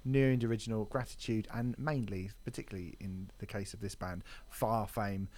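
A man's voice: on the low side, fairly even intonation, moderate pace, a little mellow. A man co-hosting a music podcast and reviewing albums, with wry jokey banter. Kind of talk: casual chat about music.

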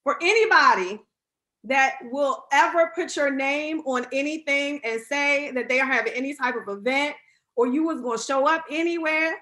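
A woman hosting a casual interview over a video call, bubbly and quick to laugh. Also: high-pitched, pushed and bright. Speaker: talk show host.

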